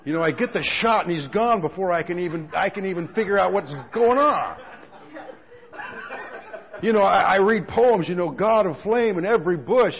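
A man preaching a sermon, telling stories with quiet asides that build to loud outbursts. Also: sits high, animated, moderate pace, gravelly, pauses often. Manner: storytelling, swings from quiet asides to shouting. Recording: dull lo-fi recording with a long hall reverb.

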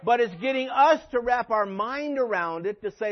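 Male pastor, high voice, emphatic sermon delivery with sarcastic asides; muffled lo-fi audio. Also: animated, normal speed, few pauses. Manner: preachy, rising to emphatic peaks, dry sarcastic asides.

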